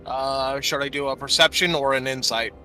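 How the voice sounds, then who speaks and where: A man's voice: mid-range voice, steady tone, moderate pace, pushed and bright, faint music behind, low-quality recording. A man playing a tabletop game, talking casually and hesitantly with many fillers. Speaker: player.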